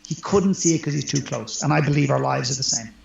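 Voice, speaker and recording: A man's voice: mid-range voice, fast talker, vocal fry. A man who works as a life coach, speaking earnestly and emphatically as an interview guest. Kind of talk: conversational interview. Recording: roomy, dull lo-fi sound.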